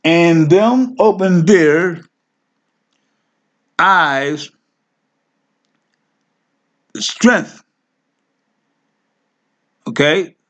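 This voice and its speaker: Slow-talking man teaching Hebrew words. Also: a little high. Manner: thinks aloud, self-correcting, coaxing; addresses listeners as family. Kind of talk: informal screen-share lesson.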